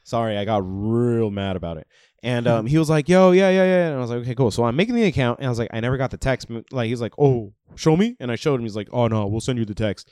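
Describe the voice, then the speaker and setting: A man's voice: mid-range voice, very fast, no echo, studio quality. A man casually telling a story among friends, swearing and acting out the people he quotes. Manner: animated, swearing, acts out quoted voices.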